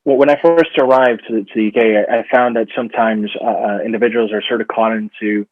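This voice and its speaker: A man from Rica, an actor chatting as an interview guest, speaking haltingly with many fillers and restarts. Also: lowish voice, fairly even intonation, no echo. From Costa Rica. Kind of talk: casual interview chat. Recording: dull, dry lo-fi sound.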